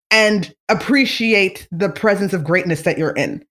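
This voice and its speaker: Excitable fan vlogger, rambling casual chat, mid pitch. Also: unhurried.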